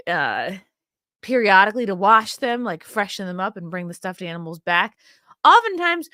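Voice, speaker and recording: A woman's voice: on the high side, pushed and bright, dry recording, studio quality. Blunt, sarcastic woman reacting to clips. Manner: blunt, profane, rambling and sarcastic. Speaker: host. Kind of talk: reacting to video clips, casual commentary.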